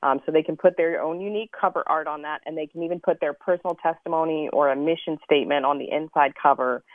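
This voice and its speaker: A woman's voice: low voice, fairly even intonation, quick pace, no room sound. A woman, a ministry membership director, explaining a program in a businesslike way as a radio interview guest. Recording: tinny phone line, dry.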